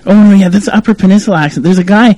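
A Canadian man hosts a radio talk show, his voice sitting a little high for a man. He chats loosely, laughs often and jumps between stories. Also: rapid-fire, a little mellow, no room sound, poor audio. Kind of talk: casual radio chat.

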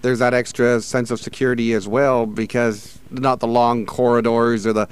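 Smooth-voiced male radio host. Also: mid-range voice, little pitch movement. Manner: measured, polite, with hesitant fillers. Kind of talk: radio interview.

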